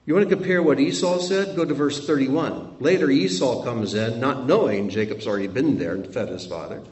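A man teaching from scripture, reading verses aloud and breaking off for expressive asides. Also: medium pitch, fairly quick. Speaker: Bible teacher. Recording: roomy sound from a distant mic.

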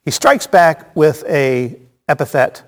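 A man's voice: on the high side, big pitch swings, slow pace. A man teaching a casual Bible study, chatty and joking, with frequent restarts and asides. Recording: long hall reverb.

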